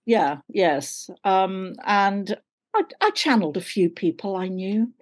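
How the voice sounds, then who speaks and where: A woman chats over a video call, warm and self-deprecating and quick to laugh. She speaks in a plain middle pitch and rambles easily from one thought to the next. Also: lively intonation. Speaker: guest actor. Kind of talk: casual interview chat.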